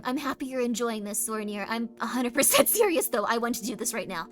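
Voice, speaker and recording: A woman hosting a casual livestream, chatting with viewers and reading their messages, teasing them playfully and at times pressing hard with loud, insistent demands. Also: on the high side, animated, a little fast, hardly any pauses. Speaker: livestream host. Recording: stream with music playing underneath. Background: clear background music.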